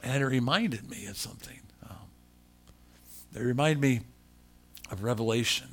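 An older man preaching a sermon, telling a personal story in an animated, emotional, self-deprecating way. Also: mid-range voice, normal speed.

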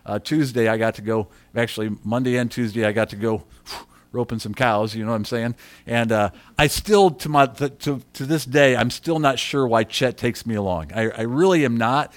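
A man preaching a sermon as a story, chatty and repetitive, breaking into loud acted shouts. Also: mid-range voice, moderate pace. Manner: animated storyteller who shouts quoted lines; conversational, repeats himself.

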